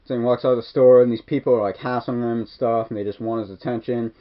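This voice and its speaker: A man's voice: medium pitch, steady tone, fast. A man casually retelling a film's scenes, rambling with constant "like" and "kinda", in a dull lo-fi recording. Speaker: movie reviewer. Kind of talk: casual movie recap.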